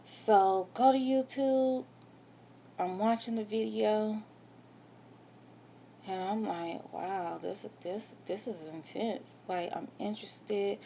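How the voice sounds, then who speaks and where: A woman's voice: mid-range voice, steady tone, slow, gravelly, dark tone, a little hiss or hum. A woman candidly telling a personal story in a vlog, getting emotional and swearing when upset. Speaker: vlogger telling her own story.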